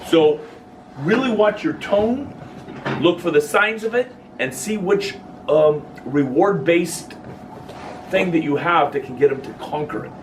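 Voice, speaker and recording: A man leads a casual dog-training workshop, joking and slipping into quoted voices. His voice sits a little high. He is heard from some way off the mic, over steady background noise. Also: a little slow. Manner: lively, jokey, acts out quoted voices. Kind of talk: informal workshop lecture. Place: workshop room with listeners. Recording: distant voice with clear background noise.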